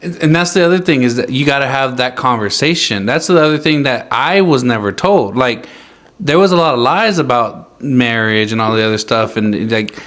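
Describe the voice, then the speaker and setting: A man's voice: medium pitch, animated, moderate pace, fairly bright tone. A man who is a guest on a podcast, talking in casual chat that rambles with many fillers and jokes.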